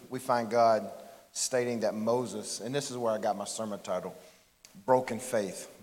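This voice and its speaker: A middle-aged man giving a candid, conversational sermon as pastor, often restarting his phrases. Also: medium pitch. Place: church sanctuary. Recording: long reverb of a large church hall.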